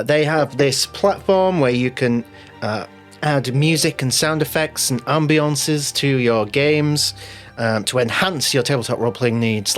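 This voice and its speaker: Animated game master, rambling shout-outs. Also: mid-range voice. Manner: animated, rambling, self-mocking, swears playfully. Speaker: game master and show host. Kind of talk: lively sponsor and channel announcements before a tabletop game stream. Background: faint background music.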